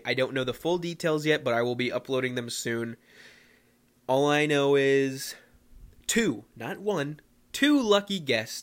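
A young man from the Philadelphia area hosts a casual solo podcast in a medium-pitched voice. He rambles, pokes fun at himself, and breaks into excitable bursts.

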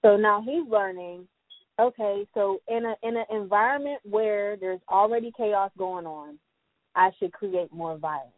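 A woman's voice: mid-range voice, measured pace, no room sound. A woman guest in a casual chat about parenting, talking with energy and acting out quoted voices in slang. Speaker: podcast guest. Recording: tinny phone-like sound, dry.

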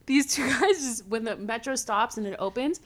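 A young woman from California hosting a podcast, telling stories in a casual, animated way, full of fillers and swearing. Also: a little high, normal speed. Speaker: podcast host. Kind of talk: casual storytelling chat.

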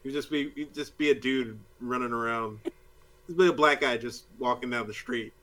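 A man's voice: mid-range voice, moderate pace, bright, forceful tone. A man in a casual group chat who acts out silly quoted voices, laughing often.

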